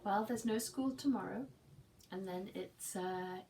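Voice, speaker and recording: A woman preschool teacher reading a picture book aloud and gently asking the children questions about it. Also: mid-range voice, unhurried, recorded from a distance, slight background noise.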